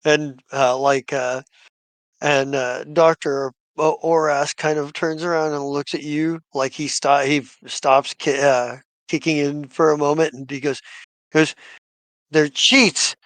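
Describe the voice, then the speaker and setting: A man narrating as game master in a live tabletop game, halting, with many "uh" and "like" fillers. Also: a little high, level tone, no echo. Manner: halting, full of "uh" and "like".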